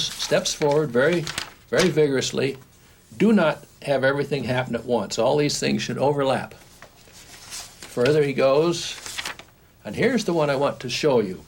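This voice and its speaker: An older man teaching animation in a recorded home-video lesson, explaining step by step while he draws, with frequent restarts. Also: fairly high pitch. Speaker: animation instructor. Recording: faint background noise, old home video.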